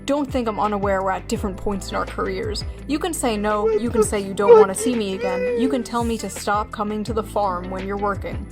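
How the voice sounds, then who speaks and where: A woman reading passages aloud with dry, deadpan humor. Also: medium pitch, a little fast, few pauses, music in the background. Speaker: video essayist. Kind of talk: reading aloud and commenting wryly.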